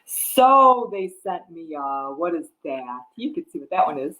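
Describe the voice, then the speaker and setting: A woman, a children's librarian, reading a picture book aloud at storytime, coaxing young children to join in with gentle encouragement. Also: deep voice, sing-song, a little slow. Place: library room. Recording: roomy echo.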